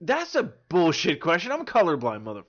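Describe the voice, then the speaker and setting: A man's voice: on the high side, a little fast, lo-fi sound. A man co-hosting a podcast, rambling and joking about himself in casual drinking-game chat. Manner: excitable, rambling, self-mocking. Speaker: podcast co-host.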